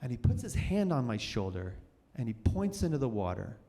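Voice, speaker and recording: A man telling a personal story live on stage, animated and vivid, often restarting phrases. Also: mid-range voice, moderate pace. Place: cultural center hall, on stage. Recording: long hall reverb.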